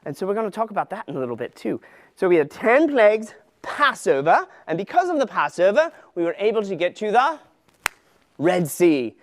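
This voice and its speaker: A male children's ministry leader giving an energetic Bible lesson for kids, coaxing them through motions. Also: high-pitched, a little fast.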